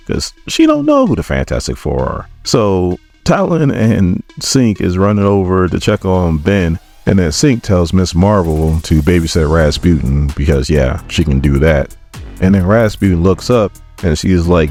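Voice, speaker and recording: A man's voice: sits low, big pitch swings, moderate pace, darkish tone, soft background music. A man giving a laid-back comic book recap, retelling the story and acting out the characters' lines as he goes.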